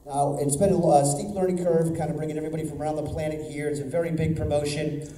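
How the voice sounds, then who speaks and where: A man's voice: a little high, little pitch movement, fast talker, dark tone. A man emceeing a boxing weigh-in, introducing the fighters and asking loose, rambling questions full of fillers. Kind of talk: live event announcing and interviewing. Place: indoor weigh-in event hall. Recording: echoey hall, far mic, crowd noise.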